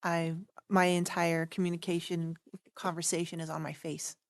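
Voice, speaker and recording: A woman speaks in a low, gravelly voice with little rise and fall. She is frank and self-critical, sharing her view in a council meeting. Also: flat delivery, moderate pace. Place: city council chamber.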